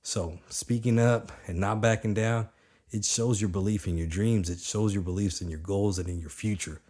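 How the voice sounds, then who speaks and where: A man in his thirties giving an energetic, conversational motivational talk, often checking in with his listeners. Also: on the low side, moderate pace. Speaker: motivational speaker.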